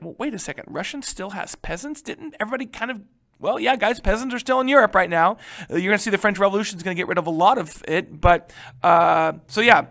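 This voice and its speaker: A male history teacher giving a casual, animated lecture, joking and checking in with his students. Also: high-pitched. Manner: animated, joking, keeps asking "right?".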